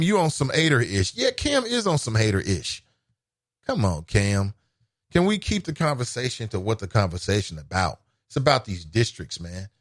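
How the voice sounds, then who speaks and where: A man hosts a call-in show in a relaxed, conversational way, reacting out loud as he reads listener comments. His voice sits at an ordinary middle pitch. The sound is dry and close, with no room echo. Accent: Cincinnati, Ohio. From United States. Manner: conversational, reacts with laughs and exclamations. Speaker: talk show host. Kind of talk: casual call-in talk show, reading comments.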